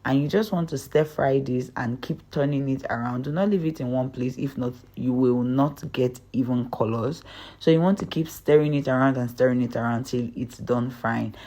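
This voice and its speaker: A woman's voice: rumbling low, normal speed, warm tone. A young woman hosting her own cooking channel, talking viewers through a recipe step by step in a chatty, upbeat way. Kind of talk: recipe tutorial voice-over.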